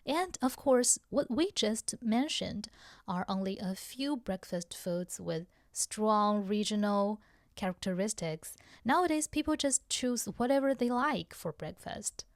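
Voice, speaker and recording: A woman with a Chinese accent co-hosting a podcast, teaching slowly and repeating words carefully for learners. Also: mid-range voice, lively intonation, no echo, studio quality. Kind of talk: slow language lesson chat.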